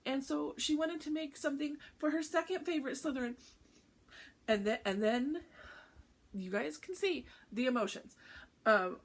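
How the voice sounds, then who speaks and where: A woman with a fairly high voice chats casually as the host of a craft vlog. She talks in a candid, heartfelt way and often laughs. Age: adult with a teenage son. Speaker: cross-stitch vlog host.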